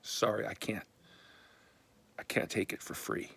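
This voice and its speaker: A man quoting the halting, mumbled words of an unsteady old homeless man. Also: on the low side, little pitch movement, gravelly, sharp tone, slightly rough, heavily acted. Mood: reluctant.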